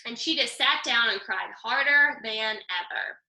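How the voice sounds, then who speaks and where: A woman reading a picture book aloud with lively, expressive storytelling. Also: fairly high pitch, unhurried, reverberant, low-quality recording. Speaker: storybook reader.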